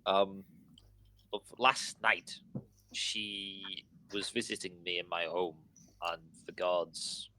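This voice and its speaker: A man's voice: low-pitched, little pitch movement, slow, bright, forceful tone, heavily acted. A man doing a stammering, anxious gnome dad. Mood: worried. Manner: stammering, anxious, repeats words. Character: nervous stammering male gnome father.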